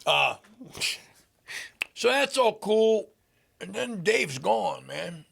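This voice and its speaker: An older man, a podcast guest, telling a story in casual talk with lots of swearing and animated delivery. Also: sits high, drawn-out words, gravelly, breathy edge.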